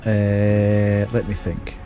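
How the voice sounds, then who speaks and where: A man's voice: fairly low pitch, flat delivery, drawn-out words, mellow, soft background music. Laid-back man streaming a game. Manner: chatty, laughing, self-mocking. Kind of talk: live game playthrough.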